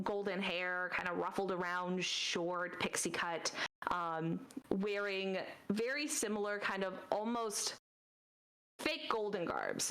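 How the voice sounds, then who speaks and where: A woman narrating as dungeon master in a tabletop game, describing scenes casually with many pauses and fillers. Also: mid-range voice, a bit bright, poor audio.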